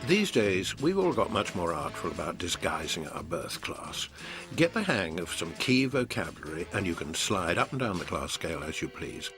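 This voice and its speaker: Male documentary narrator, low and lively, dry wit, music underneath. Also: normal speed. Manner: dry, wry delivery. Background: music bed.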